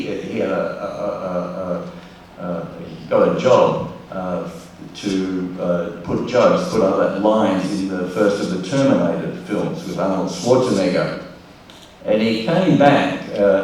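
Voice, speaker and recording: A man's voice: deep voice, a little slow, slight background noise. An older man, telling wry anecdotes as a guest speaker at a ceremony. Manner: relaxed storyteller, wry humour, frequent restarts. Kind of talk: anecdotal speech at an awards ceremony. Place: large hall at a public ceremony. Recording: very echoey hall from far off.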